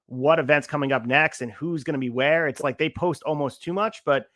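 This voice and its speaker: A man hosting a casual interview, giving his opinions in quick bursts. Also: a little high, bright, forceful tone, no room sound, clean studio sound. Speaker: podcast host.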